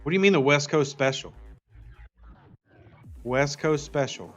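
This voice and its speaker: A man's voice: a little high, unhurried, dull audio, faint music behind. Playful man hosting a game stream. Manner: reads out viewer chat and answers playfully. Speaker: livestream host. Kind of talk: casual gaming stream chat.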